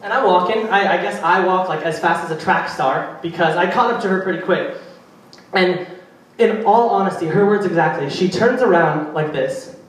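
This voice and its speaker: Here the same kind of act comes at a normal speed: a young comedian, high-pitched, doing a rambling, chatty stand-up set and poking fun at the crowd. The recording catches him far from the mic in an echoey live venue.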